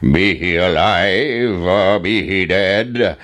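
A man voicing a huge, greedy male giant in a storybook reading, drawing out his booming threats. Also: fairly bright tone, full character voice. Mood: menacing. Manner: slow, booming, drawn-out threats.

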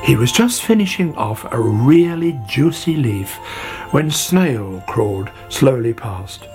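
A man narrating a children's story in an expressive, playful way. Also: mid-range voice, slow pace, soft background music.

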